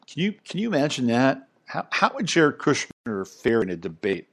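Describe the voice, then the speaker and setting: A man's voice: mid-range voice, sing-song, normal speed. A middle-aged man hosting a podcast, talking in a rambling, emphatic, conversational way with frequent asides. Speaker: podcast host. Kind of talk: casual monologue commentary.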